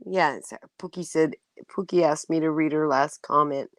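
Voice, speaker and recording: A woman's voice: sits low, normal speed, no echo. Chatty middle-aged woman, livestream host, laughs a lot, dry close sound. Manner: warm, emotional, laughs often, restarts sentences. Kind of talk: casual livestream chat.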